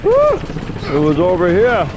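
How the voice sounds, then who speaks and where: A man's voice: medium pitch, a little slow, background noise. A man casually commenting on his game playthrough, playful, with whoops and sound effects. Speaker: gaming YouTuber. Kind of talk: casual let's-play commentary. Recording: over game audio with music.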